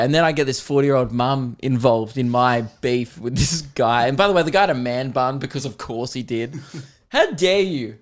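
A young man hosting a comedy podcast, telling animated stories with swearing and frequent laughter. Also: mid-range voice. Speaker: podcast host.

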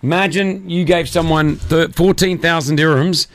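A man with a slightly high voice hosts a morning radio show, bantering and teasing his co-hosts. The studio mic sound is close and dry. He rattles off phone numbers between jokes. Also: fairly even intonation, normal speed, no echo. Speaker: radio breakfast show host. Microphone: studio microphone.

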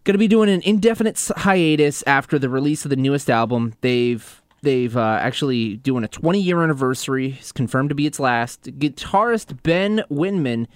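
A man's voice: medium pitch, lively intonation, normal speed, hardly any pauses, clear, resonant tone, dry recording, studio quality. Offhand, crude-joking male radio co-host. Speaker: radio co-host reading metal news. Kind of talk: casual chat.

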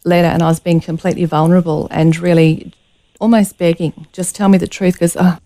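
A woman's voice: on the low side, level tone, fairly quick, mellow. Earnest woman sharing a personal story. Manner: earnest, emotional, near tears. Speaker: guest. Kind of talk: personal testimony in a radio interview.

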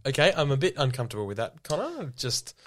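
A podcast co-host, teasing the other host and laughing quickly. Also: mid-range voice, sing-song, background noise. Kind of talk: casual comedy podcast chat.

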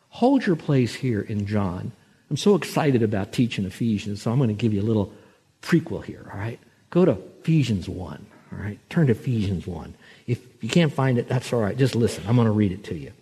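Husky-voiced male pastor preaching. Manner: storytelling, slows and rises in pitch and loudness for scripture. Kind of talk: sermon.

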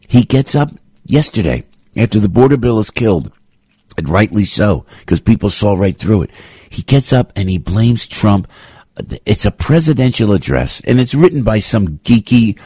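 A man hosts talk radio, a low, husky voice that swings wildly up and down. He rants with animated outbursts, recorded dry and close in the studio. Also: no echo. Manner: animated, breaks into loud outbursts and mocking voices. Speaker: radio show host. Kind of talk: opinionated talk radio rant.

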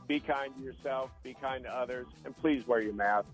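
A man's voice: mid-range voice, moderate pace, faint music behind. A man co-hosting a radio health show as a doctor, talking in a folksy, rambling way. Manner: folksy, rambling, with frequent restarts and "and like that". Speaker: guest co-host, health doctor. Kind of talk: casual radio talk over a phone line. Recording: tinny phone line.

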